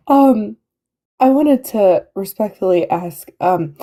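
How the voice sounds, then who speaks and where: Soft-spoken woman with a dark tone. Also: on the low side, normal speed. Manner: hesitant, with many fillers and restarts. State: has a headache. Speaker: guest caller. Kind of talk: casual live-stream chat.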